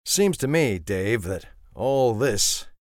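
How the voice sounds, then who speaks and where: A man voicing a wry, gruff garage owner who talks in a drawling, bargaining way in an audiobook. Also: mid-range voice, very animated, slow, no room sound, clean studio sound. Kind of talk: audiobook character voice.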